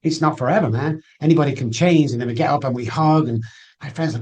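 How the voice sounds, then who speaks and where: A man's voice: a little high, quick pace, darkish tone. A man guesting on a podcast, telling personal stories earnestly and acting out past conversations. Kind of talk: emotional personal storytelling.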